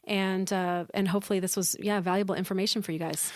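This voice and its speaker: A woman's voice: mid-range voice, steady tone, fast, dry recording, studio quality. A woman co-hosting a podcast in casual chat, talking earnestly and thinking aloud as she wraps up. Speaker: podcast co-host.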